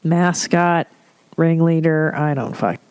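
A woman's voice: low voice, takes it slowly, a little mellow, clean tone, no room sound. A woman hosting a casual solo podcast, telling stories in a blunt, profane, rambling way. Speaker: podcast host.

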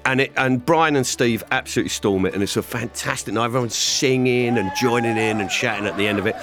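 Rambling comedian telling a story. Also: male voice, medium pitch, quick pace, music in the background. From England. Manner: rambling, animated, acts out other people's voices. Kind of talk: comic anecdote told to a panel.

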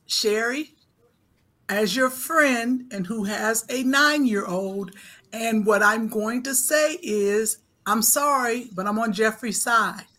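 A woman's voice: on the high side, slow pace, sharp tone. A woman co-hosting a casual chat who speaks frankly and teases her friend. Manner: frank, teasing. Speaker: co-host.

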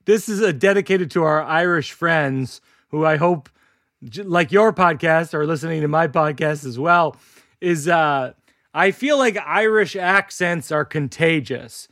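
A man hosting a podcast, reading an ad and telling jokes in a deadpan storytelling way. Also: a little high, measured pace, no echo, clean studio sound. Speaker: podcast host. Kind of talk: comedic storytelling and ad read.

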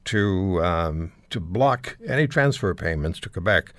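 A man's voice: low voice, lively intonation, measured pace, fairly bright tone, no echo. A man hosting a talk show, speaking in a conversational, musing way. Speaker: host.

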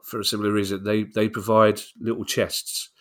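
A man's voice: lowish voice, level tone, brisk. Congested man with a cold, wry. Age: middle-aged. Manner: wry, teasing, laughs easily. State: bunged up with a cold. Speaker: podcast co-host. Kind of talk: casual podcast chat.

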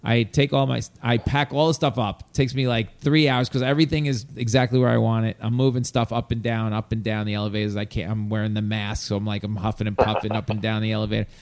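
A man from New York telling a long exasperated story in casual chat, animated and swearing. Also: lowish voice, fast, hardly any pauses.

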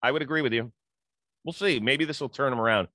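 A man's voice: medium pitch, fast talker, sharp tone, no room sound. A middle-aged man hosting a sports talk show, chatting casually and citing stats. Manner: conversational, stat-citing, storytelling.

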